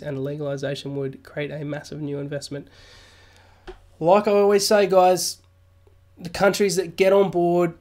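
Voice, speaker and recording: A man's voice: a little high, a little mellow. A man hosting a casual crypto live stream, reading news aloud and joking with viewers through a studio mic. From Australia. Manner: jokey, chatty, reads news aloud then riffs. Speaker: crypto livestream host. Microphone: new studio mic.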